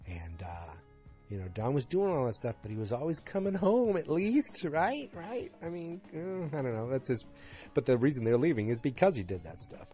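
A man's voice: medium pitch, expressive, a little fast, dark tone, faint music behind. A man hosting a podcast, recapping a TV episode in a casual, rambling and enthusiastic way. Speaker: podcast host.

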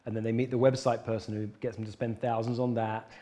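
A man's voice: medium pitch, level tone, fast talker, warm tone. A man speaking as a coach in an interview, earnest and emphatic, repeating his key points. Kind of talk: conversational interview.

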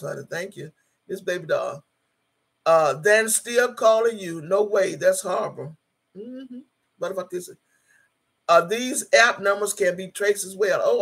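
A woman's voice: lowish voice, gravelly, breathy edge. A woman in her sixties on a livestream, reading viewer comments aloud and preaching emphatically, repeating her phrases. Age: 60s. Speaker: livestreaming YouTuber.

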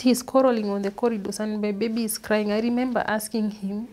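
A woman, an interview guest, recounting a painful personal story in an earnest, halting way, often repeating words. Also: mid-range voice, flat delivery, a little mellow. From Kenya. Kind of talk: personal testimony.

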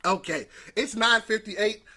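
A middle-aged man hosting a live motivational talk, energetic and repeating affirmations for viewers to say back. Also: high voice, unhurried. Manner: greets viewers by name. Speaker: host of a weekly motivational livestream.

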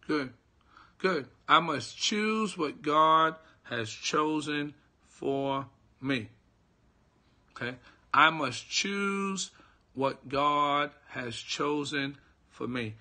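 A middle-aged man, a pastor, teaching a devotional slowly and repetitively, checking that listeners follow and greeting viewers by name. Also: on the high side, sharp tone. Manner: slow, repetitive teaching with call-and-response checks. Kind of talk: live-streamed devotional teaching.

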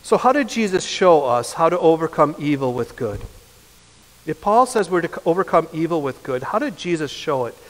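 Earnest high-voiced male pastor in a church hall. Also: big pitch swings, moderate pace. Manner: earnest, builds to impassioned emphasis, then drops soft. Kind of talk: sermon. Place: church sanctuary. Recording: long reverb of a church hall.

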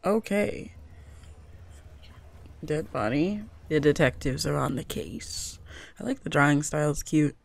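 A young woman talks casually through a gaming video, reading the game's text aloud between chatty asides. Her pitch swings widely and her voice carries a gravelly fry. She fills her sentences with "like" in an easygoing, rambling way. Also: expressive, measured pace, pauses often. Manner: chatty, full of "like" fillers, reads game text aloud. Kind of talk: casual let's-play commentary.

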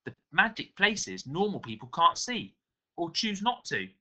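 A man's voice: on the high side, very animated, a little slow, sharp tone, voice pushed up, exaggerated voice. A man doing a curious young boy. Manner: questioning, hesitant. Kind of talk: storybook reading.

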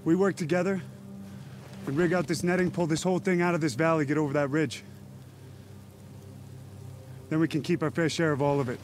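An actor playing a blunt, gruff man who takes charge of a group of stranded survivors. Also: a little high, fairly even intonation, fairly quick, long pauses, slight background noise, natural voice. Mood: commanding. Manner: blunt, commanding. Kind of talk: film dialogue.

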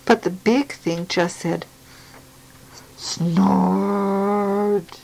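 Slow, gravelly woman reading to a child. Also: mid-range voice, poor audio. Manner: slow, gentle, pausing to ask the child questions. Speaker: reading a picture book to a child.

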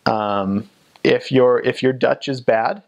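A man's voice: medium pitch, slow, lo-fi sound. A young man and former missionary in casual interview talk, chatty, with frequent ums and restarts.

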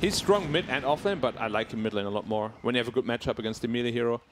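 A man giving color commentary and analysis on an esports match in a quick, conversational way. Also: mid-range voice, soft background music.

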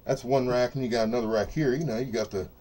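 A middle-aged craps dice-control video host rants casually and profanely to camera in his home studio set up for dice rolling. His mid-range voice is warm, steady, and fast, and he sounds boastful and fired up, leaning on "you know what I mean" in this unscripted rant.

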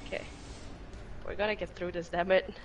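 A woman with a lowish, fairly flat voice talks briskly while playing a co-op game on stream. As a gaming partner, she keeps the live chat casual, playful, giggly and silly.

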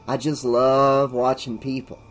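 A man's voice: flat delivery, a little slow, soft background music, lightly acted. A man voicing a strange young man who is darkly amused and turns sinister. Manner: darkly amused, drifting into sinister low tones.

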